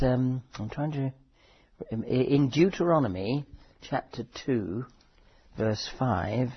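A man preaching a sermon in a conversational, thoughtful way, often pausing and correcting himself. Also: mid-range voice, breathy edge, lo-fi sound. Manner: conversational, thoughtful, with frequent fillers and self-corrections.

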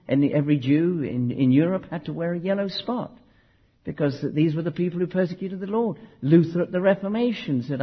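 A man's voice: on the high side, breathy edge. A man preaching a teaching sermon, emphatic and conversational, with asides to his listeners. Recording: muffled hall recording with long reverb.

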